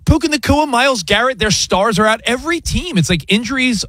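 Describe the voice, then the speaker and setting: A man co-hosting a sports radio show, talking in an excitable, teasing way in a studio. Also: very high voice, brisk, dry recording. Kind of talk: casual sports radio banter. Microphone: studio mic.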